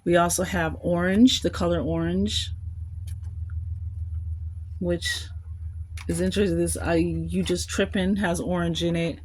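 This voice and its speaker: A woman's voice: on the low side, fairly even intonation, unhurried, pauses often, darkish tone, slightly rough. A woman giving a collective tarot reading, musing aloud and rambling, with small laughs between thoughts. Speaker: tarot card reader.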